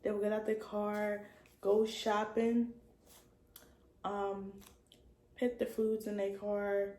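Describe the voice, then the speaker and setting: A young woman in her early twenties telling a casual storytime vlog, in slangy talk full of "like" that sometimes trails off soft. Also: mid-range voice, completely flat delivery, slow pace. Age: young adult. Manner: casual slangy talk with many likes, drifting soft at times. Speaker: vlogger. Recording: echoey room with faint ambient noise.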